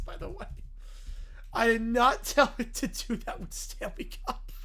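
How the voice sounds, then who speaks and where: High-voiced, offhand woman streamer. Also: lively intonation, normal speed, a bit bright. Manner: amused, offhand asides. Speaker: livestream host. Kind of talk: reading a story aloud on a livestream.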